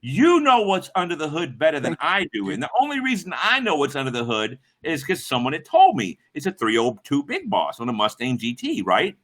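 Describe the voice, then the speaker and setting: A middle-aged man hosts a livestream, spinning rambling, profane stories for his chat and performing the voices of everyone in them. His voice sits a little high with huge swings in pitch and a fairly bright tone. He talks briskly, barely pausing.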